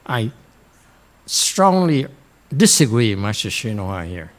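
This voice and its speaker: A man's voice: lowish voice, big pitch swings, takes it slowly. Blunt man giving a meditation lecture. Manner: blunt, frequently checks in with "Okay?". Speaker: Chan meditation teacher. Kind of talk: Dharma lecture to students.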